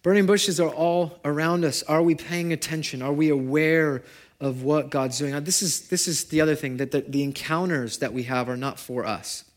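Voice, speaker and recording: A man preaching a sermon at a church gathering, talking casually and shifting between loud, animated stretches and hushed, quiet ones. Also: fairly high pitch, moderate pace. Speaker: pastor.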